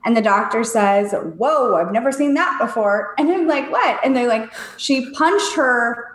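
A woman in her thirties co-hosting a casual podcast chat, an animated storyteller who talks about her children. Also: a little slow. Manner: animated storyteller, jumps high for quoted voices. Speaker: podcast co-host. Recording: roomy echo.

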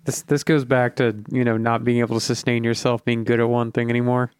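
A man's voice: mid-range voice, flat delivery, brisk, clean tone, no room sound. A man co-hosting a casual comedic chat, adding dry, wisecracking remarks. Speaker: podcast co-host.

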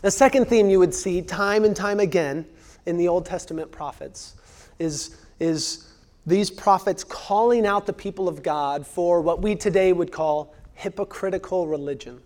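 A man in his thirties, a pastor delivering a sermon, earnest and repeating key phrases for emphasis, sometimes dropping to a hushed near-whisper. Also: sits high, moderate pace.

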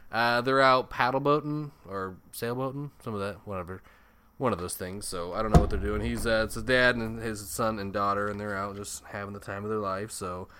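A man's voice: on the low side, steady tone, fairly quick, a bit bright, a little hiss or hum. A man hosting a casual movie review, rambling, swearing a lot and laughing often. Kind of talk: casual chat.

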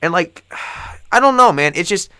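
A man's voice: high-pitched, expressive, unhurried, pushed and bright, clear, resonant tone. A man co-hosting a casual podcast, rambling and swearing with lots of restarts. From Florida. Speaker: podcast co-host. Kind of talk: casual chat.

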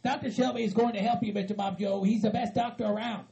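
A man voicing a level-headed hillbilly friend who pleads patiently and tries to calm everyone down. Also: high-pitched, fast talker, creaky, lo-fi sound. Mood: pleading. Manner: patient, pleading, repeats "Mister Bob Joe". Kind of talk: hobby comedy skit acting.

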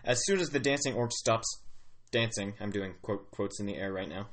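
A man's voice: normal speed, a bit bright. A young man running a tabletop game as narrator, playful and often laughing. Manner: laughing, playful, jumps high in pitch. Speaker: game master.

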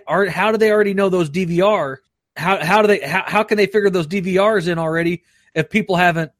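A man's voice: fairly high pitch, dry recording, clean studio sound. A man chatting casually to his viewers, rambling and swearing, laughing at his own stories and acting out phone calls in raised voices. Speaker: streamer reading chat. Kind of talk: casual livestream chat.

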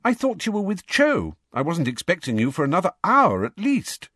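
A man reading an audiobook, voicing a sharp, bossy teenage schoolgirl in a brisk, cool manner. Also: high voice, huge pitch swings, slightly rough, no echo, studio quality, voice pushed up, heavily acted.

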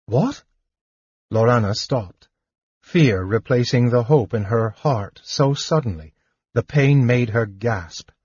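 A man narrating a fantasy audiobook in a measured, even storytelling manner. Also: mid-range voice, slightly rough, dry recording, muffled recording.

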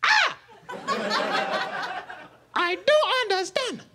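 A man voicing a shocked older aunt, who lets out high shrieks and drags out her disbelief. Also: sing-song, very slow, very noisy, exaggerated voice. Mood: scandalized. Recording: live comedy club with audience laughter.

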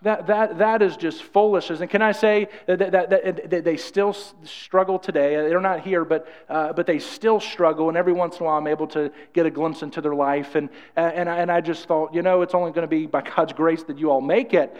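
A pastor, preaching a sermon in a rambling way with many restarts and repeated words. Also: male voice, a little high, fairly even intonation, brisk, hardly any pauses, a little mellow, clean tone. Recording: reverberant church hall, dull lo-fi sound.

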